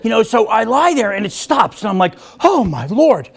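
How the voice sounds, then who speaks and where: A man giving a motivational talk, telling a humorous story with animated, self-mocking delivery and acted-out voices. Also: sits high, a little fast, gravelly. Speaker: motivational speaker. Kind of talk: storytelling keynote speech.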